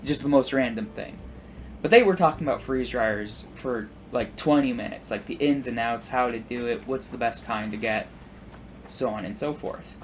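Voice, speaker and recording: A young man in his twenties rambles through an anecdote while playing a game, drifting into asides and filler words. His voice sits in an ordinary middle pitch. He jumps into animated, higher voices when quoting people, over a faint background hiss. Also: normal speed. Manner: acts out quoted people with big pitch jumps. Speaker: gameplay commentator. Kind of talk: casual storytelling while playing.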